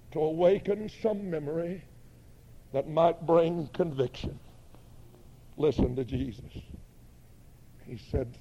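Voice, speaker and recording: Brief: impassioned male preacher, high and dark-toned, old dull recording. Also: creaky, slightly rough. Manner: impassioned, building to shouts. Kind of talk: sermon.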